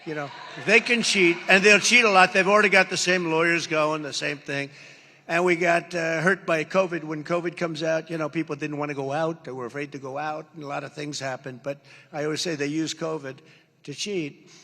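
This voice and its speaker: A man's voice: a little high, steady tone, fairly quick, bright, forceful tone. Older man giving a rambling, boastful rally speech. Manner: rambling, boastful, acts out quoted exchanges. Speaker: political speaker at a rally. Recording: live rally feed with long hall reverb.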